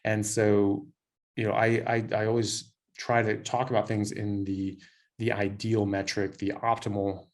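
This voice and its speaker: A low-voiced man from Southern California talking in a casual interview. He tells stories with laughs and frequent restarts. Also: flat delivery, measured pace. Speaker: doctor, guest.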